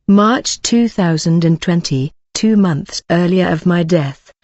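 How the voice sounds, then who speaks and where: A woman narrating a first-person story in a slow, solemn, scripted way. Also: on the low side, darkish tone, no echo, dull audio.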